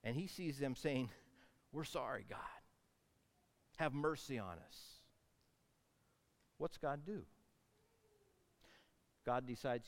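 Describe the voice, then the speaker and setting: A man preaching a sermon, telling a Bible story with animated swings between loud outbursts and hushed asides. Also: mid-range voice, slow pace, pauses often, big-room sound. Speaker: pastor.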